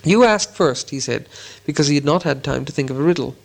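A man narrating a storybook in a slow, deliberate storytelling manner. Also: medium pitch, steady tone, vocal fry. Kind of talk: reading a storybook aloud.

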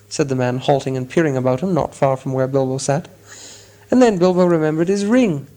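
A man reading a story aloud as audiobook narrator, in a measured storytelling manner. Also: a little high, dark tone. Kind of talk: scripted narration.

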